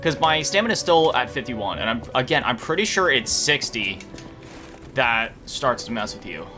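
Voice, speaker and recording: A man's voice: medium pitch, big pitch swings, normal speed, bright, forceful tone. A tired man chatting casually and laughing as he plays through a video game. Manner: chatty, self-deprecating, laughs often. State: tired, yawning. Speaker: gaming YouTuber. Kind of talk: casual let's-play commentary. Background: game music.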